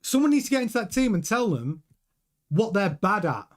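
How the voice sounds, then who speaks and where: Emphatic high-voiced man. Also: brisk. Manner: emphatic and animated, addressing viewers directly. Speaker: host of a motorsport news channel. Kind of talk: opinionated commentary to camera.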